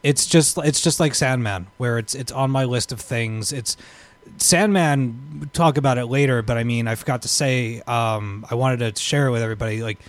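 A man's voice: medium pitch, moderate pace, dry recording. A man co-hosting a comics podcast, talking in a rambling way with many restarts. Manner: rambling, full of restarts and fillers. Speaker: podcast co-host. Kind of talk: casual chat.

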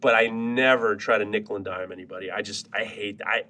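A man's voice: fairly low pitch, a little fast. A man from New reading listener gripes on a podcast, ranting and swearing in casual chat. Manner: animated, swears a lot, ranting.

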